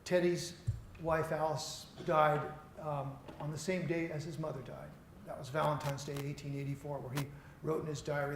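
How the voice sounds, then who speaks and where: A man's voice: fairly high pitch, flat delivery, moderate pace. A middle-aged man from Seattle giving a conference keynote lecture, conversational and self-deprecating as he tells stories to an audience. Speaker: keynote speaker. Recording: echoey hall, faint noise.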